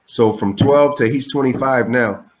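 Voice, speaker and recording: A man in his forties, a comedian, tells stories over a remote call in a casual, swearing way. His pitch jumps sharply when he acts out what he said, then drops back to a relaxed middle register. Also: unhurried. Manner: animated, profane, jumps high for quoted lines. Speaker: comedian guest. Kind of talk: casual storytelling interview.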